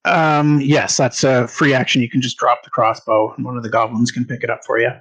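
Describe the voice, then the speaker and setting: Guy gm running a tabletop game, lots of uhs, mid-pitched plain voice. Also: little pitch movement, brisk, fairly bright tone, slightly rough. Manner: narrates with many filler uhs. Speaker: game master.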